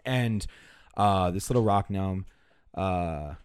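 A man narrating a tabletop game as game master, halting, with many fillers and restarts. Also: low-pitched, a little mellow, clean tone, dry recording.

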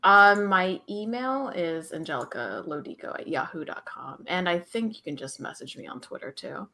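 Low-voiced young woman, chatty guest. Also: animated, normal speed, pushed and bright. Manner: laughing, teasing, chatty. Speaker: guest artist and streamer. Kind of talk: casual chat.

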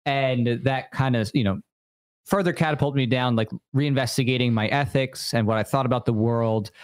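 A man's voice: medium pitch, moderate pace, no room sound. Podcast guest guy, earnest, bit hesitant, dry close sound. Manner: earnest, hesitant, with fillers and laughs. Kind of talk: casual interview chat.

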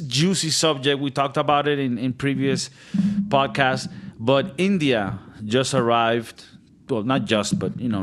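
A man's voice: mid-range voice, fairly bright tone. Male podcast host, casual and rambling, jokey, mid-range voice. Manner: rambling, joking, slips into mock accents.

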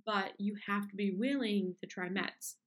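A young woman holding a casual solo chat in a voice of middling pitch. She rambles, breaks off mid-sentence and restarts, and keeps the tone candid and conversational. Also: moderate pace. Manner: candid, rambling, with frequent fillers and self-interruptions; mocks complainers with whiny put-on voices. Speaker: podcast host.

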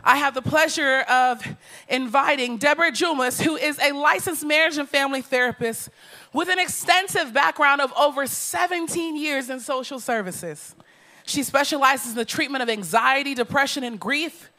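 A woman's voice: high-pitched, normal speed, pushed and bright, soft background music. A woman hosting a church Q&A, introducing a guest and calling out to the congregation with energy. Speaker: church host interviewer.

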